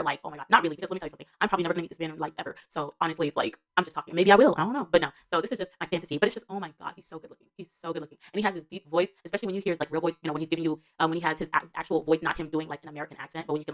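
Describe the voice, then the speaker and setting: A woman's voice: low voice, a bit bright. A woman giving a casual spoken TV show review as a vlogger. She rambles and gushes, fills her talk with slang and fillers, and laughs between remarks.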